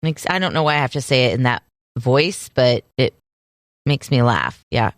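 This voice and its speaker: A woman co-hosting a casual podcast, chatty and quick to laugh. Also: a bass voice, animated, no echo, clean studio sound. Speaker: podcast co-host. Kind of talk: casual chat.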